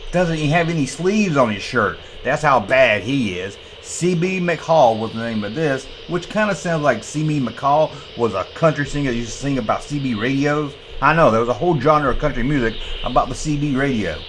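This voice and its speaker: A man's voice: medium pitch, fairly bright tone, slight background noise. Wry middle-aged man reviewing old toys. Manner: joking, wry asides, drawn-out emphasis. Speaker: toy collector host. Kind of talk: casual toy review chat.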